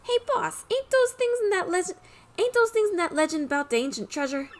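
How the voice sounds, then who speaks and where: A woman's voice: extremely high pitch, big pitch swings, a little fast, pitched above the performer's own voice. A woman voicing a dim-witted male mob henchman with put-on tough-guy slang. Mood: eager.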